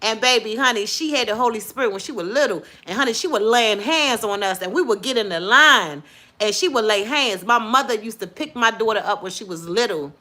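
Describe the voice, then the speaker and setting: A middle-aged woman hosting a casual live stream, lively and preachy, praising God between her chatter. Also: fairly high pitch, brisk. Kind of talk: casual chat with viewers and callers.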